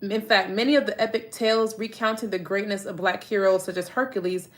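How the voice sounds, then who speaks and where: A young woman chatting casually to her viewers about a book, reading passages aloud and riffing excitedly, laughing often. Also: medium pitch, a little fast. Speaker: book-discussing content creator.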